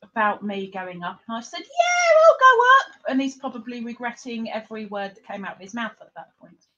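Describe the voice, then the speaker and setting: A woman's voice: mid-range voice, fairly quick, fairly bright tone, lo-fi sound. A woman hosting a casual livestream, chatting and giggling in a rambling, teasing way. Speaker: livestream host.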